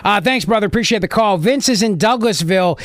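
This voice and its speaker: A man's voice: high-pitched, expressive, brisk, a bit bright, dry recording, studio quality. A man hosting a call-in talk radio show, sarcastic and mocking as he takes calls. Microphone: studio mic.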